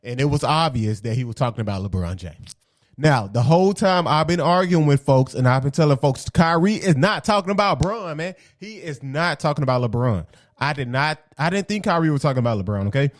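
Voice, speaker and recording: A man giving a casual, animated basketball opinion rant for his video channel. He repeats his points, drops slang and keeps asking "okay?". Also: a little high, fairly quick, no room sound, clean studio sound. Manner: slangy and conversational. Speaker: sports commentary vlogger.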